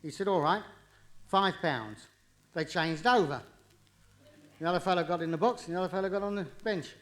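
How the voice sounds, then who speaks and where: A man doing live stand-up comedy, cheeky and quick, with jokes that rise into punchlines. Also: high voice, fairly bright tone. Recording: vinyl live recording, audience laughter, distant.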